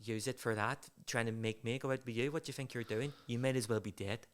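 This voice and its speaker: A man voicing a sharp-tongued woman working in a fish shop, who swears and scoffs a lot. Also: medium pitch, steady tone, quick pace, smooth, close to an everyday voice. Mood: outraged. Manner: sweary, scornful.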